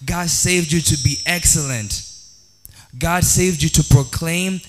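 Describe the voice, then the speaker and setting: A man's voice: fairly high pitch, slow, soft background music. A man with a Kenyan accent preaching a sermon, building repeated declarations and mixing English with Swahili. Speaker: pastor.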